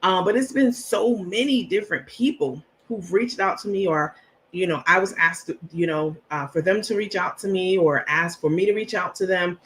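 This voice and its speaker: A woman's voice: lowish voice, moderate pace, fairly bright tone, a little hiss or hum. Woman doing a chatty livestream, laughs a lot, greets everybody. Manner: chatty, greets viewers by name, laughs often. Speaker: livestream host. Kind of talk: casual livestream chat.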